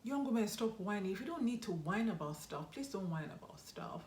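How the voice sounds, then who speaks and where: A woman's voice: mid-range voice, animated, brisk, a little mellow, slight background noise. A young woman giving earnest, encouraging advice on a motivational vlog and repeating her key points. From Nigeria. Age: young adult. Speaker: YouTube host. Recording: roomy echo.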